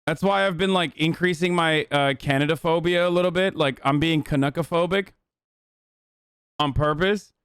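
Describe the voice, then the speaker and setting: A man's voice: on the high side, normal speed, a bit bright, smooth, dry recording, clean studio sound. Profane, rambling male streamer. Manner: loose and profane, rambling with fillers. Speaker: livestreamer. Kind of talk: casual stream chat.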